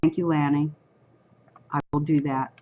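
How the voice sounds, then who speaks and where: A woman with a raspy voice leading an online prayer service and reading a psalm aloud slowly and solemnly, heard over a computer microphone on a video call. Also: sits low, little pitch movement, muffled recording.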